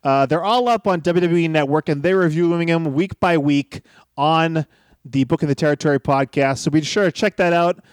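A man co-hosting a casual podcast, reading out listener messages and plugs at an unhurried pace. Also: fairly high pitch, clean tone, no room sound, clean studio sound.

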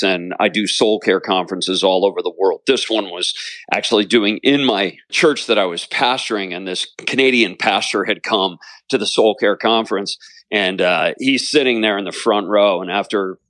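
Low-voiced earnest pastor telling a story. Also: male voice, moderate pace, a bit bright, no echo. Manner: earnest preaching cadence, repeats phrases for emphasis. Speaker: pastor and author. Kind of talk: storytelling interview answer.

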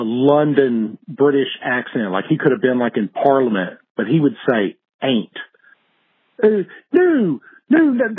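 Male caller, husky voice on a tinny phone line, relaxed and halting. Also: mid-range voice. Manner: halting, easygoing. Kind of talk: voicemail message.

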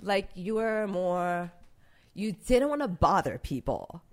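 A woman's voice: on the low side, sing-song, slow pace, darkish tone. A young woman being interviewed about her street art, talking in a casual, emotional way full of fillers.

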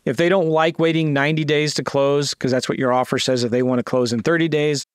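A man teaches a real estate sales script in a casual screen-share, switching between plain explanation with fillers and restarts and acted-out seller calls in a lifted, eager voice. His voice is fairly high, steady, quick, clear and resonant. The recording is clean studio sound with no room sound.

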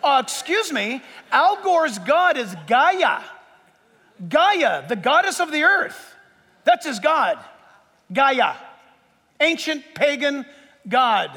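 Male pastor, quite high and forceful, preaching with humor in a reverberant sanctuary. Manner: lively, joking preacher who lists numbered points. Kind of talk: sermon. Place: church sanctuary with a live audience.

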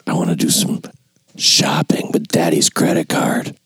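A man putting on the voice of a spoiled, breathy girl asking for a ride, half-whispered and drawn out. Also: very deep voice, little pitch movement, measured pace, fairly bright tone, no room sound, full character voice. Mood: wheedling.

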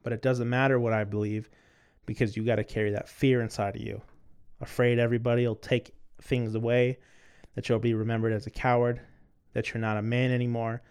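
A man voicing a steady, loving wife in a soft, earnest read in his own low voice. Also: brisk, clean tone, lightly acted. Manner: soft, earnest, quiet reading. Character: steady, loving adult wife urging her husband on.

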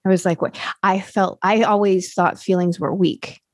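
A woman's voice: mid-range voice, fairly even intonation, normal speed, a little mellow, no room sound, studio quality. A woman, now a recovery coach, candidly telling her recovery story in a rambling way, full of fillers and restarts.

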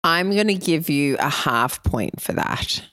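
Low-voiced woman, lively and playful. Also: measured pace, dry recording, clean studio sound. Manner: playful, laughs often. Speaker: quiz co-host. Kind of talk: casual quiz banter.

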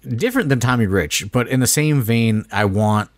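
A man's voice: mid-range voice, normal speed, no echo. A man co-hosting a casual podcast, rambling and leaning on filler phrases like "you know" and "like". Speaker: wrestling promoter and podcast co-host.

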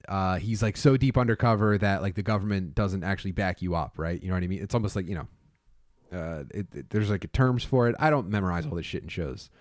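A man with a lowish voice trades crude jokes and rambles through stories in a casual podcast chat. He sounds close and dry, with no room around him. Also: no echo. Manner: profane, joking, rambling. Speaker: podcast co-host.

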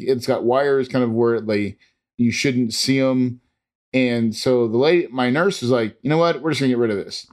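A man's voice: mid-range voice, darkish tone. Man, casual first-person storyteller, earnest and rambling, lots of restarts. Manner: imitates monitor beeps.

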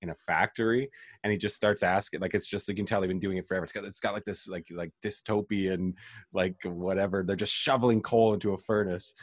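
A young man hosts a casual movie podcast in a lowish voice. He rambles and restarts his sentences, heavy on fillers, recorded close and dry with no room sound. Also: steady tone, quick pace, no room sound. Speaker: podcast host. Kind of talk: casual film chat.

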